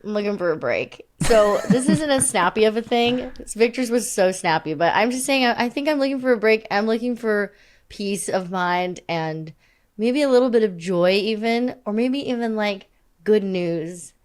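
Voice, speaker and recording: A woman's voice: a little high, normal speed. A young woman co-hosting a podcast, chatting casually in a rambling, self-deprecating way and laughing often. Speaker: podcast co-host. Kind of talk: casual chat.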